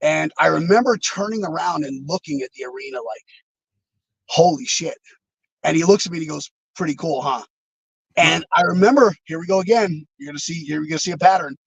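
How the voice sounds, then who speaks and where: A man's voice: fairly high pitch, fast, vocal fry, few pauses, husky, dry recording, poor audio. A man being interviewed over a video call, telling rambling, reflective stories with many fillers and restarts. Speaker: interview guest, former wrestler. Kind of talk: casual storytelling.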